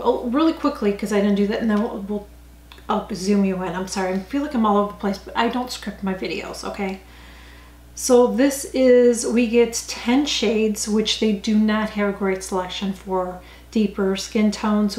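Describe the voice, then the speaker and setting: A woman's voice: medium pitch, a little mellow. An older woman giving an unscripted makeup review, chatty and rambling, correcting herself as she goes. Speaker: beauty vlogger. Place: indoor home room, rain outside. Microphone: camera mic. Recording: echoey room on camera mic.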